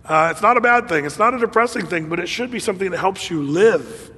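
A man preaching a sermon in a conversational, animated way, with laughs and fillers. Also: high voice, quick pace, husky, in a large hall. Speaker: pastor.

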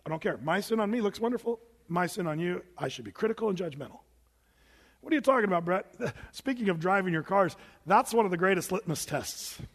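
High-voiced man preaching in a reverberant hall. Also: a little fast, hardly any pauses. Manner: conversational preaching with lively asides and acted-out quotes. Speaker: pastor. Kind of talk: sermon.

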